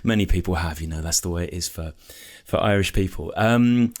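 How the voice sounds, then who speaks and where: Sex: man. Role: podcast host. Style: casual podcast chat. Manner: measured, diplomatic, steers the talk. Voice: very low pitched.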